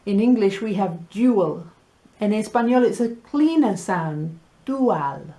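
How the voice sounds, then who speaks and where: A woman teaching Spanish vocabulary, explaining words patiently and sounding them out slowly and playfully. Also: medium pitch, animated, warm tone. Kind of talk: language lesson.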